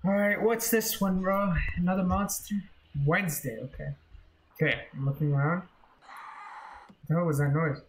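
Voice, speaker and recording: A young man commentating a horror game, jumpy and swearing, often yelling in fright. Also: sits high, steady tone, moderate pace, pauses often. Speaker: gaming video creator.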